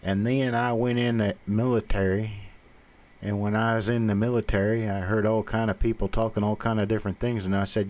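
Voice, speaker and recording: Man in his fifties, faint Southern accent, very low voice, blunt rambling host. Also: little pitch movement, a little fast, a little mellow. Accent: mild Southern American. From Southern United States. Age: 50s. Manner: blunt, rambling, self-mocking. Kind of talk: casual live-stream chat.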